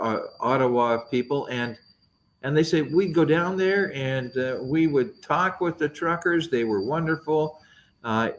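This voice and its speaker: A middle-aged man, a politician guest, answering interview questions in an earnest, halting way with many fillers and restarts. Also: mid-range voice, low-quality recording.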